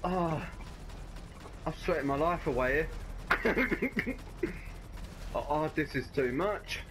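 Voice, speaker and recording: A woman's voice: sits low, expressive, slow pace. A woman playing a game with a friend, screaming, swearing and laughing nonstop. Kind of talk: chaotic gameplay chat. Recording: game noise under the voice.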